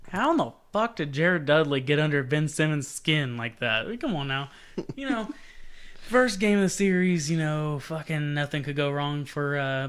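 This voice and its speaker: A young man co-hosting a casual sports podcast, telling stories in a profane, animated way and mimicking other people. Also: fairly high pitch, smooth. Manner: profane, animated storytelling with mocking voices. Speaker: podcast co-host.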